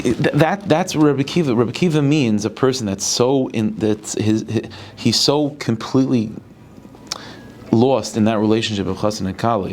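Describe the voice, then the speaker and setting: A male rabbi giving a Torah lecture. He talks in halting bursts, restarting and repeating words as he thinks aloud. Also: on the low side, a little mellow, a little hiss or hum.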